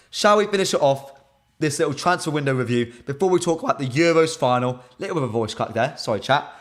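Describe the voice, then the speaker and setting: A young British man hosting a live stream, chatting casually and answering viewers' comments in lively banter. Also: on the high side. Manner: animated, reads chat comments aloud and banters with viewers.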